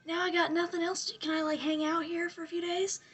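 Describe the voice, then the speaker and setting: A woman tossing off a brash Roman general who talks in modern slang, in a high, light voice. he sounds flippant and offhand, shrugging everything off. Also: flat delivery, a little fast, noisy background.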